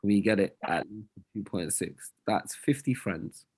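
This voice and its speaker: A man from hosting a podcast, relaxed and chatty with hesitant fillers. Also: on the low side, unhurried, slightly rough. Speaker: podcast host. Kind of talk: casual podcast sign-off.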